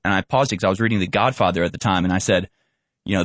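A man hosting a casual political commentary over video clips, talking in an animated way and mockingly acting out the voices he quotes. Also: fairly low pitch, fast, dry recording. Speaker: commentary show host.

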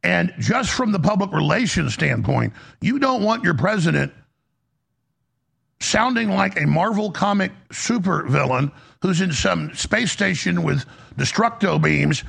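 Creaky, husky man ranting on politics. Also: high voice, expressive, unhurried, a bit bright. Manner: heated, emphatic, frequent restarts. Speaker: political commentary host. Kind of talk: political commentary rant.

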